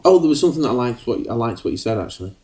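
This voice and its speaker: A man's voice: mid-range voice, big pitch swings, very fast, darkish tone. A man co-hosting a podcast, talking in a hesitant casual way with many ums and restarts. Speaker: podcast co-host.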